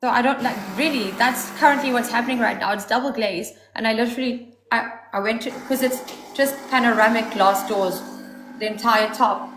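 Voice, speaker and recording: A woman hosting a show, telling stories in a casual, animated way with a lot of swearing and quick asides. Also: a little high, background noise. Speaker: host. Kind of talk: casual chat, storytelling. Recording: echoey room.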